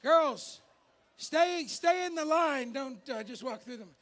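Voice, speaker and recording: A man co-hosting an outdoor ceremony, joking and shouting out thanks to the crew. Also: very high voice, lively intonation, takes it slowly.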